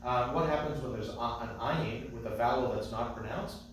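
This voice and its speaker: A male cantor teaching a class, explaining details patiently and chanting short phrases slowly. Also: medium pitch, a little hiss or hum. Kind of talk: class teaching with sung examples. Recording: echoey distant room mic.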